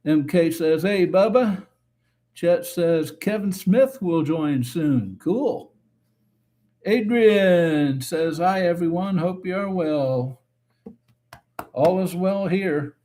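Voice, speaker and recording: A man hosting a casual live stream, reading viewer comments aloud and answering them in a relaxed, chatty way. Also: sits high, takes it slowly. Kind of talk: casual chat.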